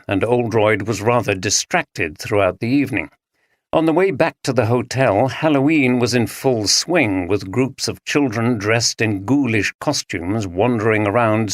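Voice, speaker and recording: A man's voice: mid-range voice, dry recording, clean studio sound. Man narrating a mystery audiobook.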